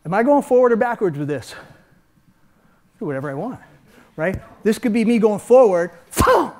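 An older man teaching a hands-on martial arts seminar, energetic, shouting sound effects and checking in with "right?" as he demonstrates. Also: sits high, moderate pace.

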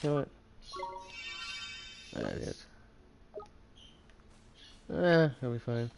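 A man's voice: mid-range voice, huge pitch swings, slow, creaky, over music. A man streaming a game, rambling and thinking aloud as he plays. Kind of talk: casual gameplay commentary.

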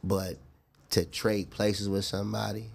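Low-voiced man in relaxed interview chat. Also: measured pace, gravelly. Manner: earnest, reflective, laughs easily. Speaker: guest.

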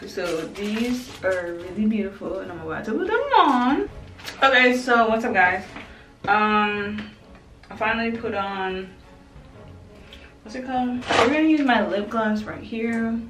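A woman's voice: mid-range voice, measured pace, recorded from a distance. A young woman chatting casually through a makeup routine for her viewers, loose and slangy. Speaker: beauty vlogger. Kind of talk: casual makeup tutorial chat. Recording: roomy and off-mic with music.

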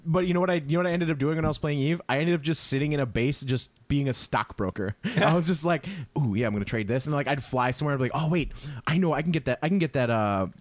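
A man's voice: on the high side, fast talker, dry recording. A man co-hosting a casual gaming podcast, swearing freely, laughing often and acting out quotes in goofy voices. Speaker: podcast co-host.

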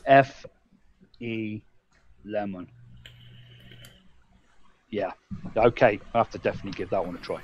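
A man's voice: lowish voice, unhurried, pauses often, lo-fi sound, slight background noise. An English man co-hosting a casual live-stream chat, rambling and swearing freely as he acts out his own thoughts. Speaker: co-host.

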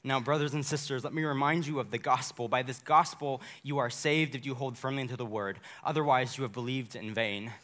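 Bright-voiced young man reciting scripture. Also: medium pitch, a little fast, few pauses. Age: young adult. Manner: dramatic, shifting between soft and loud. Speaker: student performer.

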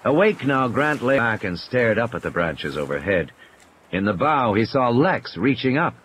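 A man narrating an audiobook in a measured, expressive way. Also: mid-range voice, slight background noise.

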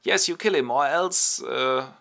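A man's voice: medium pitch, a little slow, gravelly, pushed and bright. A man voicing a scheming noble younger brother who blusters and gives orders. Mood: bossy.

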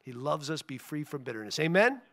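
A man with a gravelly, fry-edged voice leads a casual church gathering as its pastor. His talk wanders in a homely way, full of asides. When he prays, he is earnest and keeps coming back to "Lord" at a mid-range pitch. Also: fast talker, fairly bright tone. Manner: folksy and rambling, many "you know" asides; earnest prayer with repeated "Lord". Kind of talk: informal sermon closing in prayer.

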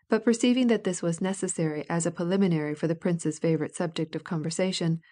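A woman narrating a classic novel in a steady, even audiobook reading. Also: lowish voice. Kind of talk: scripted narration.

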